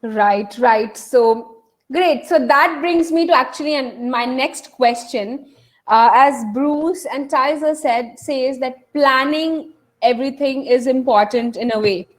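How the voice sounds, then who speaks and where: Woman, high pitch, panel moderator, affirming, repeats herself. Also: slow pace. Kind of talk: moderating an online session.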